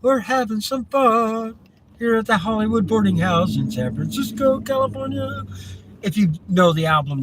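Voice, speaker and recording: A man hosting a live driving vlog, rambling and chuckling as he thinks aloud from inside a moving car. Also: fairly high pitch. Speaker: vlog host. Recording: road noise from a car.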